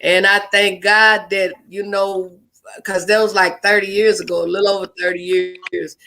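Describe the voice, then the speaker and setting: A man's voice: sits high, flat delivery, normal speed, gravelly, pushed and bright. A man co-hosting a talk show, chatting loosely with rambling, slangy phrasing. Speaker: co-host. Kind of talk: casual talk show chat.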